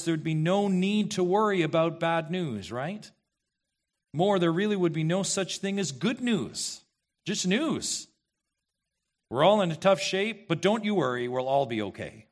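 A fairly high-voiced man preaches as pastor, leaning hard on his points. He asks the congregation questions and repeats key phrases for emphasis. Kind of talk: expository sermon.

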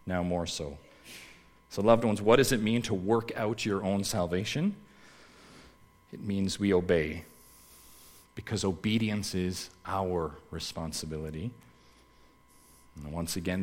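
A man preaching a sermon as pastor. He repeats key phrases and swings between loud, urgent lines and hushed ones. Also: on the low side.

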